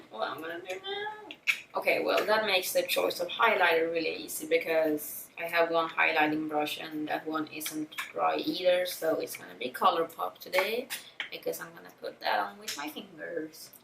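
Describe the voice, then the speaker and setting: A young woman with a Swedish accent talks through her makeup routine in a loose, frank way, swearing and laughing as she goes. Her voice sits fairly low for a woman. She is recorded by a camera mic set back in a roomy space with a faint hiss behind her. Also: normal speed, creaky, distant mic. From Sweden. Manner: casual, frank, swears freely, laughs often. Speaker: beauty vlogger. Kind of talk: chatty get-ready-with-me vlog. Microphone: camera-mounted mic, a little far.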